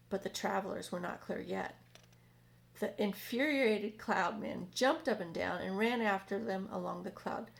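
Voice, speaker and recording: A woman reading a children's book aloud in a community hall, steady with small slips and self-corrections. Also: mid-range voice, gravelly. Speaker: reader.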